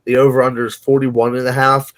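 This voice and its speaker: A man's voice: medium pitch, little pitch movement, fast. A man co-hosting a sports betting podcast, talking casually in a rambling, hedging way with frequent restarts. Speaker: podcast co-host.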